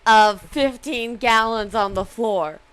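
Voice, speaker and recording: A woman's voice: on the high side, takes it slowly, a bit bright, slight background noise, poor audio. A woman playing in a tabletop game, speaking hesitantly and playfully. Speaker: player. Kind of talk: casual tabletop play.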